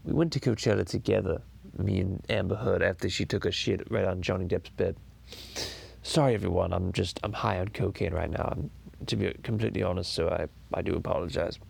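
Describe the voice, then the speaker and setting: A man's voice: low-pitched, brisk, vocal fry, a little hiss or hum. A man doing Stewie Griffin, groaning cartoon baby. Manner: crude, rambling, theatrical groaning. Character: scheming foul-mouthed cartoon baby boy. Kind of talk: improvised comedy impression podcast.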